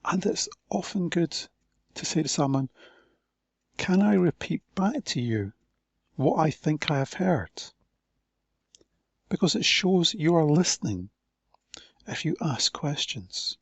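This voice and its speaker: A man giving a recorded conference talk, speaking slowly and deliberately with pauses between phrases. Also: a little high, expressive, gravelly, no room sound.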